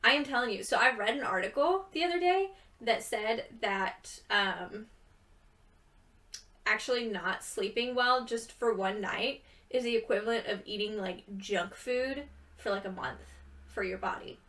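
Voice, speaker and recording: A woman's voice: fairly high pitch, a little slow, fairly bright tone, far from the mic. A young woman chatting casually and rambling with giggles, tired from too little sleep. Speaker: gaming video creator. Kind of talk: casual chat over gameplay.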